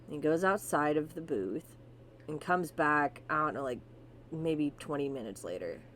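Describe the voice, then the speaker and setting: Animated, swearing woman podcast host. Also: deep voice, moderate pace, slight background noise. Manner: animated, swears freely, laughs through stories. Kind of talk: casual storytelling chat with profanity.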